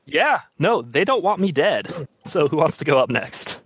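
A man playing a tabletop game, cracking quick jokes. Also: fairly high pitch, very animated, fairly bright tone, husky. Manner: joking, quick quips. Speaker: player. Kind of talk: casual chat.

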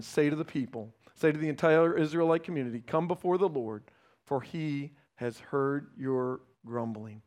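A man preaching a sermon, reading scripture and acting out complaining voices, then dropping to quiet emphasis. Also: fairly high pitch. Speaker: pastor.

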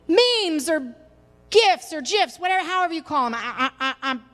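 A young woman preaching a sermon with passion, rising loud and falling soft. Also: expressive, normal speed, big-room sound. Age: young adult. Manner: impassioned, swinging from loud highs to soft lows.

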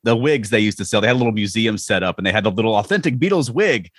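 A man's voice: on the low side, expressive, rapid-fire, slightly rough, dry recording, clean studio sound. A man hosting a podcast interview, laughing often and asking loose questions with restarts. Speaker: podcast host. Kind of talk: casual interview.

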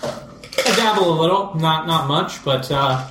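A man's voice: on the high side, a little slow. Inquisitive man at a gaming table, echoey and noisy. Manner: inquisitive, plain-spoken. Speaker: tabletop game player. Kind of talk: casual in-character play.

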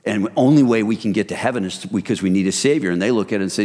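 A middle-aged man preaching a sermon as pastor, in a relaxed, conversational way that speaks to listeners as "you guys". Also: on the low side, racing. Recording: reverberant hall.

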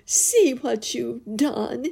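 A woman doing a shrill, wailing old peasant wife. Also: big pitch swings, takes it slowly, mellow, slightly rough, exaggerated voice. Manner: wailing, indignant.

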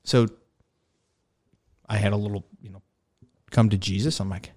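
In a relaxed podcast chat, this host, once a carrier pilot, recounts learning carrier landings, voicing the dialogue and laughing frequently. He speaks fairly quickly in a lowish, slightly mellow voice with fairly even intonation and long pauses.

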